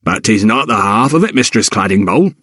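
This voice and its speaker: A man's voice: lowish voice, expressive, a little fast, fairly bright tone, slightly rough, dry recording, studio quality. A man voicing a smug, broad-shouldered male household servant who mutters and needles the others.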